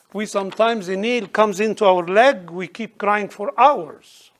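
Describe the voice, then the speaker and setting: Guy, high voice, fired up church talk, broken english. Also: a little slow, a little hiss or hum. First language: Arabic. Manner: passionate, emphatic, imperfect English. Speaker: church speaker.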